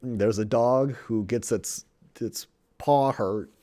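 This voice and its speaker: A man's voice: medium pitch, takes it slowly, dark tone, no echo, studio quality. A young man talks in a loose, casual monologue, reviewing a show he loves. He swears often, trips over his words, and grows more and more worked up as he gushes.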